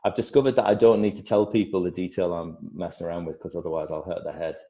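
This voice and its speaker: Deep-voiced man with a northeast English accent. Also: fairly even intonation, fast, dark tone, highs cut off. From northeast England. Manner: thoughtful, rambling with restarts and acted-out quotes. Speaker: actor, interview guest. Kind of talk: casual interview chat.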